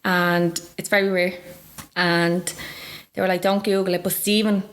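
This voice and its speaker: A woman in her thirties from Dublin speaks candidly in a broad local accent. She tells her story with lively re-enactments of what others said, her voice leaping high when quoting them, and nervous laughter breaks through now and then. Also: unhurried. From Ireland. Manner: animated, acts out voices with big pitch jumps, laughs nervously. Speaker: guest.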